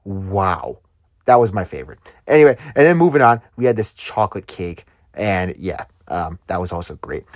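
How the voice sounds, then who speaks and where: A man narrating a casual restaurant food review in an excited, gushing way, with many fillers. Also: low-pitched, moderate pace, no echo, studio quality. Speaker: food vlogger.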